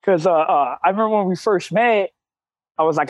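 Guest, man, thirties, high and dry, blunt street talker who cusses freely. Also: quick pace, no room sound, rough recording. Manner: candid, streetwise slang, frequent cussing. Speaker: CrossFit coach, guest. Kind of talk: casual interview talk.

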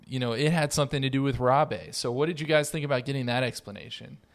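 A young man hosting a podcast, steering the discussion in a relaxed, casual way. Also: mid-range voice, quick pace, creaky. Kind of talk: casual chat.

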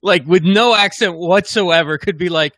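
A man's voice: high voice, moderate pace, a bit bright, no room sound. A man hosting a casual interview podcast, talking in an amused, conversational way and asking loose, leading questions.

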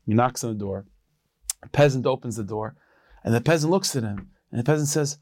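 Male rabbi storyteller, mid pitch, dry close sound, chatty and loose. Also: a little fast, no echo. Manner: lively, conversational, with frequent restarts and repeated words.

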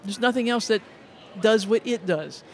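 A man's voice: sits high, moderate pace. A middle-aged man, a music educator, telling stories in an interview, earnest and full of restarts and repeated words. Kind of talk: conversational interview storytelling.

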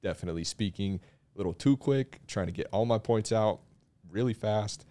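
Young man with a deep voice. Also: normal speed, warm tone. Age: young adult. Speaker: young real estate agent. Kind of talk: casual podcast chat.

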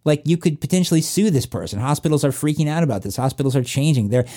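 A man's voice: on the high side, lively intonation, fast talker, mellow. A middle-aged man in casual conversation, rambling and restarting his sentences, swearing now and then. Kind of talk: casual chat.

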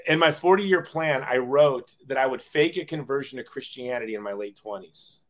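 A man's voice: medium pitch, moderate pace, a bit bright. A man in his forties, a guest telling his life story in a casual, self-deprecating way, often acting out quoted dialogue.

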